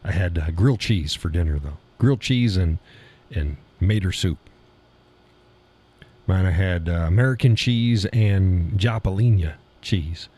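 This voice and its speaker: Male stream host, low voice, blunt and mocking, chuckles between rants. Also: a little slow, mellow, slightly rough. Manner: blunt, scornful, laughs often. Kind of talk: casual political commentary reading chat.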